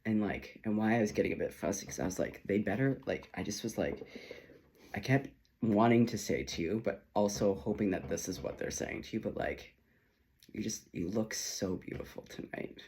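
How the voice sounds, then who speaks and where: A man giving a solo spiritual reading, emotional and tearful, talking in halting phrases with sighs and soft trailing words. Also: on the low side, lively intonation. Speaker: spiritual channeler.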